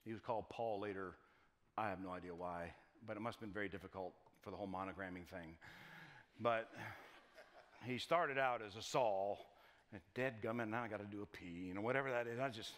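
A man's voice: on the low side, moderate pace, fairly bright tone, a little hiss or hum. A male pastor preaching a conversational sermon in a church, with folksy joking asides and frequent repeated words. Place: church sanctuary. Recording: long church reverb.

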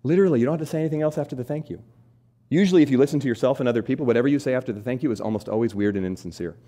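A man's voice: medium pitch, racing. A man in his forties giving a keynote talk on stage, telling a personal story, asking the audience questions and acting out the voices of the people in it. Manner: animated, acts out quoted voices, asks audience questions. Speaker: keynote speaker. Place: stage before a live audience.

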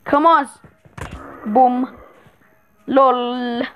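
A woman giving excitable commentary while playing a horror game, repeating words in rapid bursts. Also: high voice, clean tone, highs cut off. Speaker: gameplay streamer.

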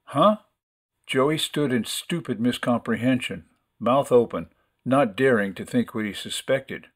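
A man's voice: medium pitch, a little slow. Man reading a story aloud. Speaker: narrator.

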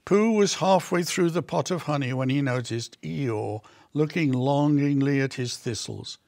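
A man reading a children's picture book aloud slowly and gently, giving the characters small voices. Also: medium pitch, creaky, no room sound, clean studio sound. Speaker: storybook reader.

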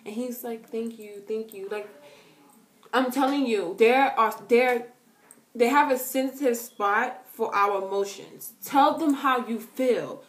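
A young woman vlogger answering fan questions in casual, animated talk, full of slang and repeated words, dropping to a soft hush for emotional moments. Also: fairly high pitch, slow pace. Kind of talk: casual chat to camera. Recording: echoey room, faint music behind.

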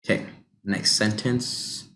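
A man coaching pronunciation on a livestream, slowly modelling and repeating words for learners. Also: fairly low pitch, vocal fry, sharp tone. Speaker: pronunciation teacher.

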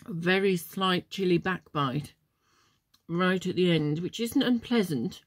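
Tasting chocolates and reviewing them on her vlog, a woman talks in a lowish, expressive voice at an unhurried pace. Her chatter wanders into old memories, full of ums, and the recording is dry.

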